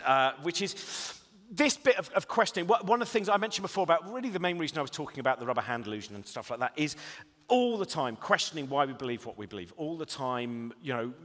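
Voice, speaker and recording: Animated male comic on stage, lively pitch, echoing lecture hall. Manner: animated, acts out voices, rising to loud laughing bursts. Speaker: comedian giving a talk. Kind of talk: comic storytelling talk. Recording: long reverb of a lecture hall.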